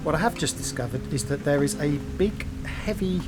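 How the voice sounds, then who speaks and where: A man's voice: fairly high pitch, lively intonation, moderate pace, over music. A man hosting a sailing vlog, chatting cheerfully and rambling to camera outdoors. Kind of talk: casual vlog narration to camera. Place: outdoors at an anchorage.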